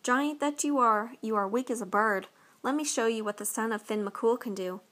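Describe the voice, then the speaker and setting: A woman's voice: a little high, moderate pace, fairly bright tone, close to an everyday voice. A woman reading as a bold, clever young wife. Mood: teasing.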